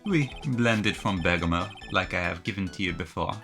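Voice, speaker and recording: A man voicing a charming male French restaurateur, with a deliberately over-the-top fake French accent, speaking slowly and suavely. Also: on the low side, gravelly, music in the background.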